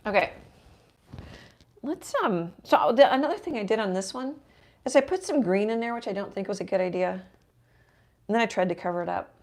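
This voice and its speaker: A middle-aged woman hosting a live painting stream, thinking aloud as she works and often dropping to a soft murmur. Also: medium pitch, animated, fairly quick, pauses often. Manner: self-deprecating, thinking aloud while working, drops to soft murmurs. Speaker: painting livestream host. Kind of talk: casual live painting chat.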